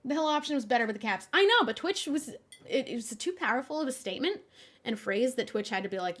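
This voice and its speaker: A young woman streamer chats casually with her audience, her pitch sitting a little high and bouncing all over. She sounds exasperated one moment and laughing the next. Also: quick pace. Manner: animated, exasperated, laughs often. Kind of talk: casual live-stream chat.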